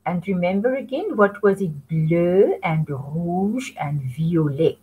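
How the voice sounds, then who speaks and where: A female French teacher talks young learners through simple phrases, modelling each one slowly for them to say back. Her pitch rises and falls in a lively, sing-song way, and her voice has a slightly breathy, husky edge. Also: narrow, tinny audio. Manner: slow, patient, sing-song prompting for repetition. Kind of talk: children's language lesson.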